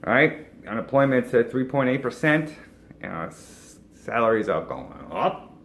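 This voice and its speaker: A man's voice: mid-range voice, a bit bright. An advertising agency owner giving a casual, folksy business pep talk, tagging his points with "right?" and chuckling now and then. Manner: folksy, keeps asking "right?", boat metaphors, chuckles.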